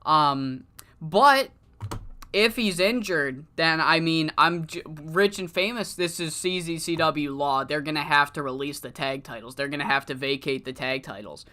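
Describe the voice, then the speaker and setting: A man's voice: on the high side, unhurried, bright, forceful tone, pitched below the performer's own voice. A man voicing a flustered male wrestling promoter who stammers and swears in exasperation. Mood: exasperated.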